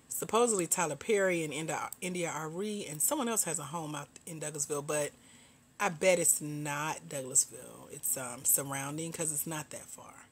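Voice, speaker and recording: A middle-aged Southern woman from Georgia hosts a casual livestream chat with her viewers in a deep, slightly rough voice. She laughs a lot and calls them "girl" and "y'all."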